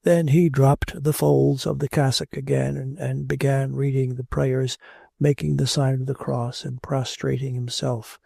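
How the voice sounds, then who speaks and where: A man narrates a classic novel with a deep gravel in his voice and a dark, mellow tone. His delivery is measured and steady, with a dry close sound and a husky grain. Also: no room sound. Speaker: audiobook narrator. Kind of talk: audiobook narration of classic fiction.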